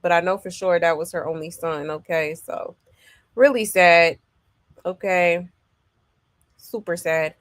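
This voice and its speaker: A woman with a low-set voice talks through a gossip livestream at an unhurried, drawn-out pace. She keeps it loose and chatty, sprinkling in "um" and "okay" as she reads viewer comments. The sound is close and dry. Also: fairly even intonation, no room sound. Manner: loose and chatty, full of "um" and "okay" check-ins. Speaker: celebrity gossip show host.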